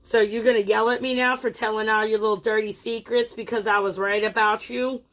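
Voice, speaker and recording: A woman's voice: a little high, level tone, a little fast, fairly bright tone. A woman giving a casual tarot reading in a playful, teasing, chatty way. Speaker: tarot reader.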